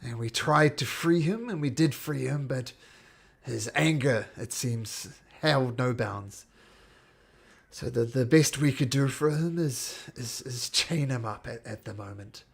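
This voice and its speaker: Weary kind woman caretaker played by a man, pleading, middle-pitched voice. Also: a little slow, gravelly, breathy edge. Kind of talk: tabletop role-play voice.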